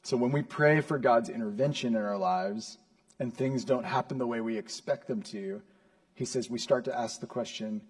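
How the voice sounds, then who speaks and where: A man preaching a sermon from the pulpit. His voice sits at an ordinary pitch, and his delivery is earnest, building from measured explanation to emphatic high points. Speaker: pastor.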